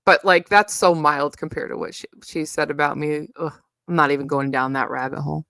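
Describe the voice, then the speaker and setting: A woman's voice: deep voice, fast, no echo, studio quality. A young woman with a New York accent, ranting bluntly and profanely in a rambling casual livestream. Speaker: live streamer.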